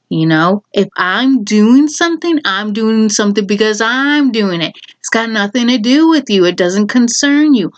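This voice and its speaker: A woman's voice: medium pitch, lively intonation, moderate pace, highs cut off. A woman vlogger telling a personal story in casual talk, heated and exasperated, swearing freely.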